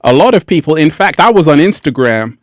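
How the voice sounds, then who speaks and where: A man's voice: on the high side, sing-song, fairly quick, no room sound, studio quality. A man hosting a casual livestream who laughs often and repeats his phrases. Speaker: livestream host.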